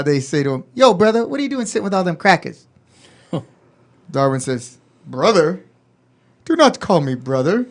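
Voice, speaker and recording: A man co-hosting a podcast, telling a story in a rambling, animated way with many restarts. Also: high voice.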